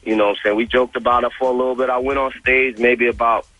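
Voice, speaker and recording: A man's voice: mid-range voice, fast, no echo, muffled recording. A man who is a guest on a radio interview, telling a story in casual slang and acting out the dialogue. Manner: animated, acts out the dialogue, profane slang.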